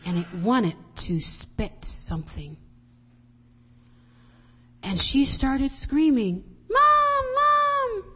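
Woman telling a children's sermon story. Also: a little high. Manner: animated storytelling that asks the children questions. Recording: long reverb, dull lo-fi sound.

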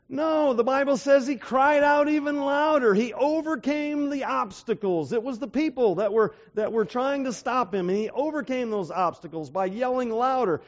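Male preacher with a high voice, emphatic, keeps asking rhetorical questions; muffled lo-fi sound. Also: moderate pace, few pauses. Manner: asks the audience rhetorical questions; emphatic, retells stories with acted-out voices. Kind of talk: sermon. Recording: dull lo-fi recording.

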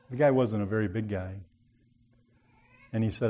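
A man's voice: lowish voice, moderate pace, long pauses, warm tone, a little hiss or hum. A man preaching a sermon, telling a story in a folksy, earnest way and rising to emphatic appeals.

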